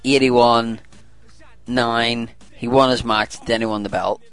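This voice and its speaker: A man's voice: medium pitch, steady tone, a little slow, fairly bright tone, smooth, faint music behind. A man co-hosting a casual podcast, joking and teasing his co-host. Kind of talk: casual chat.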